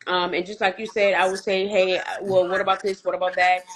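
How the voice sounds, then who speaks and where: A woman's voice: medium pitch, little pitch movement, brisk, a crowd in the background. A woman on a casual podcast panel, stating her views firmly and bluntly, repeating her points. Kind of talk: casual debate chat.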